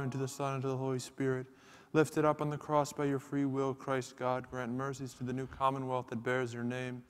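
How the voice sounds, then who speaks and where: A man chanting psalms and prayers in a church service, in a steady monotone. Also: medium pitch, clear, resonant tone. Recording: long church reverb.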